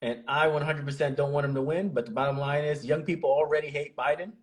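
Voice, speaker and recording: A man's voice: on the high side, steady tone, fast talker. A man speaking as an interview guest, opinionated and emphatic, often repeating words as he makes his point. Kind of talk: casual interview chat.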